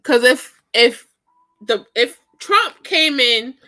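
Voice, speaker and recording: Bright-voiced woman, slow animated commentary. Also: a little high. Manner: animated, laughs often, slangy and exclaiming. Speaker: vlogger reviewing a political debate. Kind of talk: casual commentary.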